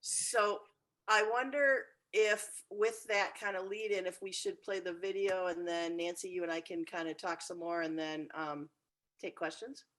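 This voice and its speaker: A woman, the founding director of a therapy program, chatting in a relaxed, self-deprecating way on a video call. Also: on the low side, a little slow, low-quality recording. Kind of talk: casual talk on a video call.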